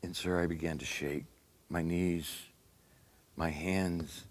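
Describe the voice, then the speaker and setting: Male actor for a haunted Roman centurion recounting his past in a low, earnest voice; solemn dramatic monologue. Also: fairly even intonation, takes it slowly. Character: remorseful Roman centurion, middle-aged man, haunted. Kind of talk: dramatic first-person monologue.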